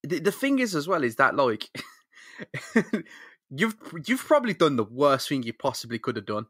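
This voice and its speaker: A man's voice: a little high, big pitch swings, normal speed, fairly bright tone, no room sound, studio quality. A man co-hosting a casual comic-book podcast, making emphatic points, swearing and laughing along. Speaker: podcast co-host.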